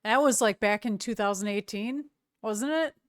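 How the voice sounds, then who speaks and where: A woman streamer chatting casually with her viewers, relaxed and quick to laugh. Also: medium pitch, no echo, clean studio sound.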